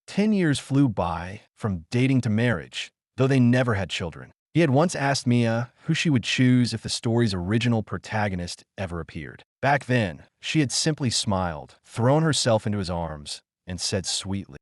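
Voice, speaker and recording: A man narrating a scripted drama story in a dramatic, expressive reading, close to the mic. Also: lowish voice, normal speed, few pauses, dry recording.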